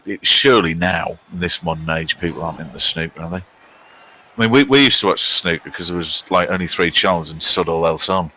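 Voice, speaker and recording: A middle-aged man with a British accent hosts a live game stream, his voice low-pitched yet bright and forceful. He reads viewer comments aloud in a wry, chatty manner and pokes fun at his own pronunciation. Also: low-quality recording. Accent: British English.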